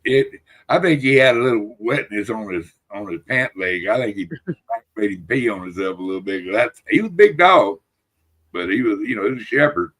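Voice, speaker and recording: A man's voice: lowish voice, lively intonation, moderate pace, a bit bright. A man hosting a casual podcast chat, telling long, rambling stories full of swearing and laughter. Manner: rambling, profane, laughs through his stories. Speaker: podcast host.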